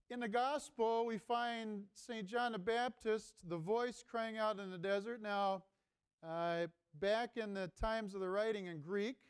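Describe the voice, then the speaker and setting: A priest delivers a homily in a conversational preaching style and keeps asking his listeners questions. His voice sits high for a man and comes out clear and ringing. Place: seminary chapel.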